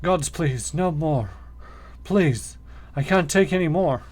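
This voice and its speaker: A man's voice: on the high side, animated, slow, a little mellow. A man voicing a frightened, beaten captive who pleads nervously for help, read aloud from a game. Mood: pleading.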